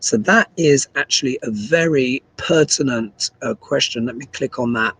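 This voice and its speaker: Husky-voiced man hosting a casual livestream. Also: mid-range voice, moderate pace, a bit bright, poor audio. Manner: chatty, reads viewer comments aloud. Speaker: astrology and tarot livestream host. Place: small desk in a humid room abroad.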